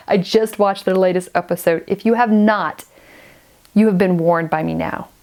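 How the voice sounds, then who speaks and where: Forty-ish woman vlogger, sniffly, gushing chatty thank-yous, restarts a lot, mid pitch. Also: normal speed, darkish tone. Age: 40s. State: stuffy and sniffly. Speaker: knitting podcaster. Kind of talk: casual chat to camera.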